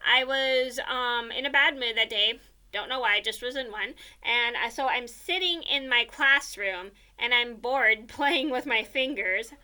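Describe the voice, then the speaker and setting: A woman's voice: on the high side, measured pace, sharp tone. A young woman casually telling a personal story, rambling with many fillers and repeated "blah, blah, blah.".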